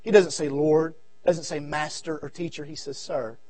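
A man with a Southern American accent preaching a revival sermon, swinging from shouted appeals to low murmurs and repeating his phrases. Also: steady tone, moderate pace, no echo. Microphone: audio recording of a church service.

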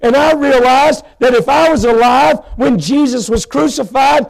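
Preaching from a church pulpit on a live stream, a man shares his personal testimony with fervor, erupting into shouts and slowing to drive points home. His voice is extremely high-pitched and gravelly, and the recording is rough.

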